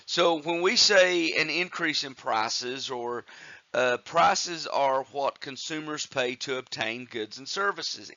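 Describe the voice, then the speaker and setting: Slow, methodical male economics lecturer. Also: mid-range voice, sharp tone, dry recording, muffled recording. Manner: slow, methodical, with frequent uh fillers and restarts. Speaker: economics instructor. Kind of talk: recorded lecture.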